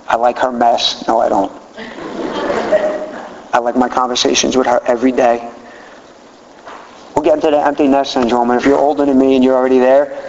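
A middle-aged man gives a candid, plainspoken share at a recovery meeting, his voice at an ordinary pitch for a man. The sound is dull and lo-fi, with a long reverb from a big hall and a faint hiss underneath. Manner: animated, acts out quotes in a raised voice. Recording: roomy hall, dull lo-fi audio.

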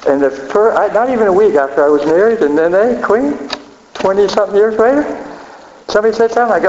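A man's voice: high-pitched, expressive, normal speed, background noise. A middle-aged man giving a blunt, profane, self-mocking personal recovery share at a meeting. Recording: echoey hall, dull lo-fi sound.

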